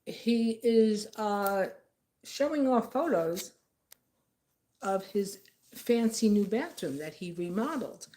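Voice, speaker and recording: A woman's voice: mid-range voice, dark tone. A woman telling a story in a rambling, tangential, indignant way. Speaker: vlogger. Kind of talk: casual storytelling.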